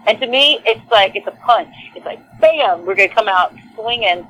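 A Texas woman with a Southern accent, a lead singer, chats as a guest in a casual interview, animated and full of fillers and restarts. Her voice is mid-range at a moderate pace, and the recording quality is low.

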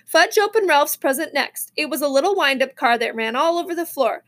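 A woman reading a children's novel aloud, expressive, with small slips and restarts. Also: sits high, brisk. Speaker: reader.

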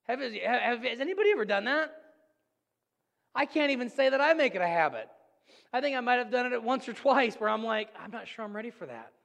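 A man preaching a sermon as pastor, earnest and storytelling, swinging between loud and hushed. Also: very high-pitched, lively intonation, brisk, gravelly, long reverb tail.

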